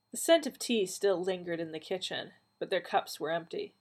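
A woman's voice: moderate pace, few pauses, slightly rough. A woman reading a story aloud, lightly acting out the dialogue. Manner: lively, acts out dialogue with raised pitch. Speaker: reader of fan fiction. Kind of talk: storybook narration with character voices.

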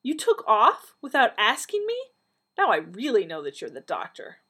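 A woman voicing Donna, a blunt, feisty woman who talks teasingly and exclaims, a little higher and louder than her narration, with a husky tone. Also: very animated, fairly quick, heavily acted.

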